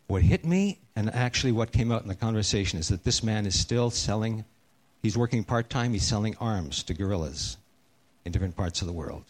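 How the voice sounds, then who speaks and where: A middle-aged man preaching a sermon, telling a personal story earnestly and sinking to a hushed, slow voice for the serious parts. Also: on the low side, animated. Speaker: pastor.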